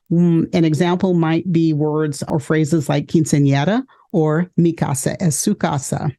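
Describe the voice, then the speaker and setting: A woman educator and podcast host giving a measured explanatory lecture, walking through points with examples. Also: low-pitched, dark tone.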